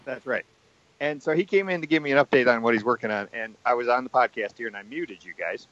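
A man co-hosting a casual podcast chat, giving measured, thoughtful opinions. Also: mid-range voice, fairly bright tone, dry recording. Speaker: podcast co-host. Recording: dull, dry lo-fi sound.

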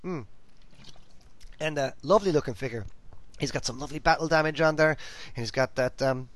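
A man's voice: fairly high pitch, a little fast, fairly bright tone, no room sound. A man hosting a podcast, chatting enthusiastically and rambling with many restarts. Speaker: podcast host. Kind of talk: casual chat.

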